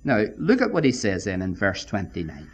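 A man preaching a sermon, emphatic and deliberate, often addressing his listeners as friends. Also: on the low side, wildly swooping pitch, husky, muffled recording.

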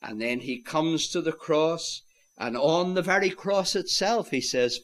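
A man preaching a sermon, swinging from loud declarations to hushed, near-whispered lines and calling his listeners "my friends". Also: on the high side, measured pace.

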